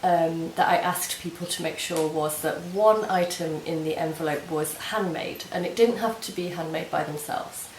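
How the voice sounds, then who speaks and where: A woman talks in a relaxed, gushing way, full of ums and little restarts. Her voice sits slightly low. The camera mic picks up a roomy home room with faint hiss underneath. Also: moderate pace, hardly any pauses. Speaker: knitting podcast host. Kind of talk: casual video podcast chat.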